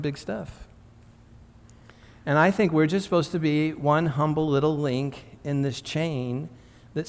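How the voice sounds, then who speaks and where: A man in his late fifties preaches to his congregation in an earnest, teaching tone, often restarting and adding asides. His voice sits a little high for a man. A long reverb trails each phrase, as in a large hall. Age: 50s. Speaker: pastor. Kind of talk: sermon.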